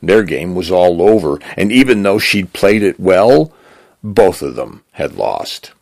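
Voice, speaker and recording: A man with a gravelly voice reading a story aloud in measured narration. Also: low-pitched, sing-song, darkish tone, dry recording. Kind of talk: scripted narration.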